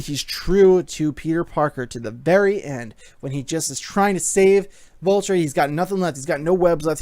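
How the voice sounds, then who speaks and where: A man giving a casual movie review, excited and rambling, with lots of fillers. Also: fairly high pitch, no room sound.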